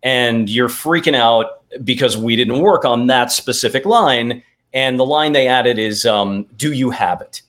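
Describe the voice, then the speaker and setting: A man's voice: medium pitch, unhurried, a bit bright. A man, a dialect coach, explaining accent work step by step with examples in an interview. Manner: methodical, explains in steps with examples.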